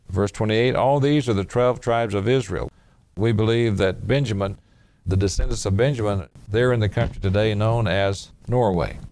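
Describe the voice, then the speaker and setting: Male preacher, low voice, dry close sound, measured sermon that reads verses and explains them. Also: darkish tone, dry recording. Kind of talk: sermon with scripture reading.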